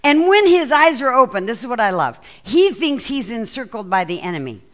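A woman pastor preaching a sermon and reading scripture aloud, telling the story with lively, acted-out quotes. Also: fairly high pitch, a little fast. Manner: animated storytelling, acts out quoted lines.

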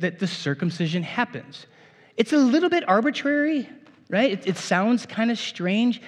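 A male pastor reading scripture and then preaching in a conversational way, with rhetorical asides to the congregation. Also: high voice. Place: church sanctuary. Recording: long reverb of a church hall.

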